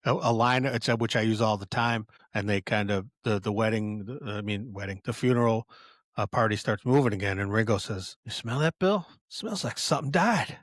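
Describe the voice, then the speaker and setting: A man's voice: lowish voice, steady tone, fairly quick, no echo, studio quality. A man hosting a podcast in a casual film commentary, rambling with many restarts and chuckles. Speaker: podcast host.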